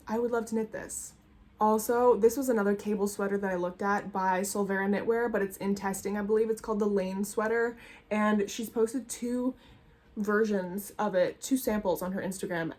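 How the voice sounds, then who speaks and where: A young woman chats at home in front of her closet, rambling and enthusiastic as she vlogs. Her voice sits at an ordinary middle pitch, and she talks loosely, with plenty of asides and trailing thoughts. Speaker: knitting vlogger. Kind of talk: casual chat. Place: home room with colorful closet behind.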